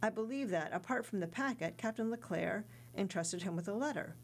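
Woman reading as a sly ship's clerk, evasive, careful, raised pitch, audiobook. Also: fairly quick, lightly acted.

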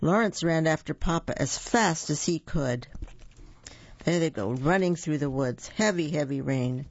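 Gravelly picture-book reader. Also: medium pitch, a little slow, muffled recording. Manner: chatty asides to young listeners. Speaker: storyteller. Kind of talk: reading a picture book aloud.

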